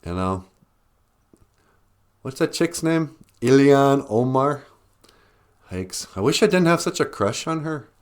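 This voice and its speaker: A man hosting a podcast in a rambling solo monologue, chuckling often and jumping into high mocking voices for quoted people. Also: lively intonation, slow pace, pauses often, clean tone. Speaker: podcast host.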